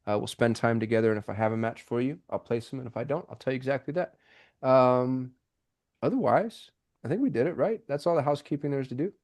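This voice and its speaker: A man hosting a live call-in business show, talking in an excitable, rambling way with many restarts over a video call. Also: mid-range voice, quick pace. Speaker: host. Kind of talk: casual live show chat.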